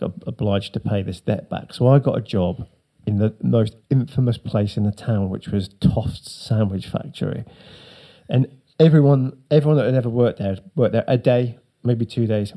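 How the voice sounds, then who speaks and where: A middle-aged man with a husky voice, telling a long, sweary story on a casual chat podcast. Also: lowish voice, warm tone. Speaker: podcast co-host.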